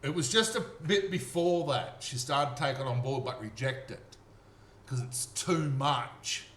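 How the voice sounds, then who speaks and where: Speaking a little slowly in a medium-pitched, fairly bright voice, a storyteller with an Australian accent offers a rambling, sincere personal testimony. He repeats points and frequently asks "okay?"; the audio carries roomy echo and faint noise.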